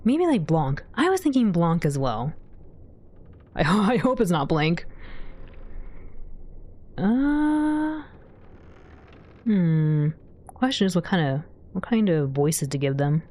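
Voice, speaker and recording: Slow, mellow-voiced woman streamer chatting. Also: lowish voice, sing-song. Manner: chatty, giggly, reading chat aloud. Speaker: livestreamer. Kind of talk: casual game commentary to chat.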